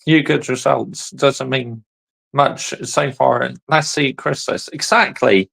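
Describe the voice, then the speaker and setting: A man's voice: mid-range voice, steady tone, slow, vocal fry, a bit bright, low-quality recording. A man hosting a football channel, chatting casually in short asides as he reacts to a fan's video. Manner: laid-back, chatty, answering the clip in short asides.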